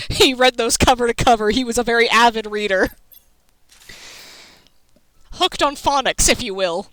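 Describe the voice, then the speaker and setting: High bright woman telling rambling stories. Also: a little slow, long pauses, no room sound, low-quality recording. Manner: rambling storytelling, laughing, swearing. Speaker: streamer. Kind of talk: casual chat while gaming.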